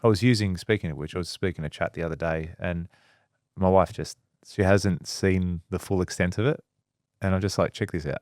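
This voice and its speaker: Male podcast co-host, low voice, dry room, casual storyteller. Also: fairly quick, darkish tone, no room sound. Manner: storytelling, quotes people in dialogue. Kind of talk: casual chat.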